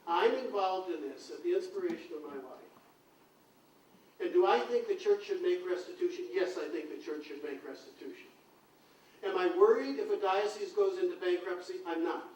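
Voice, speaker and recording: A man's voice: sits high, normal speed, a little mellow. A man giving an impassioned public talk as an expert witness, emphatic and repeating phrases for stress. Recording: echoey hall from far off, faint hiss.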